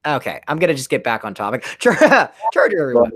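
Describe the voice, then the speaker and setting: A man's voice: medium pitch, fast talker. A man, a comic book creator, chatting casually on a livestream and rambling animatedly about his book. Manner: rambling, animated, self-correcting.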